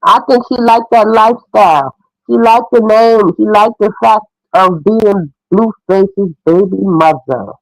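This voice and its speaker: A woman's voice: mid-range voice, no echo, rough recording. A middle-aged woman giving frank, opinionated casual commentary as a mother.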